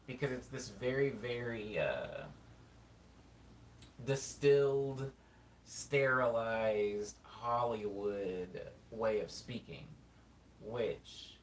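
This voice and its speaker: A man from California with a Californian accent, chatting casually as a streamer, thinking aloud and reading chat in a rambling, drawn-out way. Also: lowish voice. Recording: roomy sound, mic at a distance, faint background noise.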